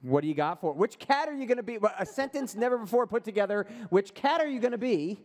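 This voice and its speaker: Man hosting a live convention panel, playful emcee patter, bouncy pitch, echoey hall. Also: expressive, fast, darkish tone. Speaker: podcast co-host on a live panel.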